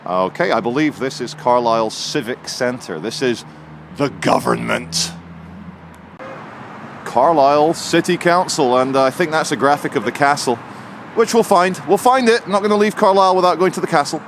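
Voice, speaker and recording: A man's voice: a little high, normal speed. Male street vlogger, sardonic and chatty, handheld camera outdoors. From England. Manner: chatty, sardonic, mocking asides. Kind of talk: walking city vlog. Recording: outdoor street noise with traffic.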